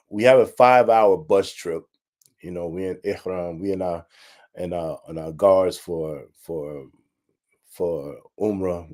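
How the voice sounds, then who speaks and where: Heartfelt, low-voiced man telling a story. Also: mellow. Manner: heartfelt, repetitive, addresses listeners directly. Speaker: podcast host. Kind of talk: emotional personal storytelling.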